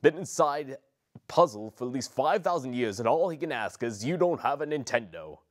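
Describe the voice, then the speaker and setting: A man's voice: mid-range voice, big pitch swings, normal speed, voice pushed up, natural voice. A young man voicing a cranky, sarcastic ancient male spirit in a comedy parody, complaining in a whiny voice.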